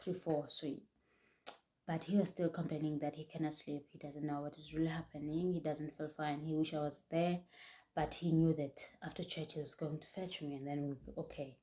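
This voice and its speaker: A young woman telling a painful personal story in a halting way, often restarting, her voice close to tears. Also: sits low, flat delivery, mellow. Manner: halting, restarts often, voice rising and breaking with emotion. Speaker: vlogger.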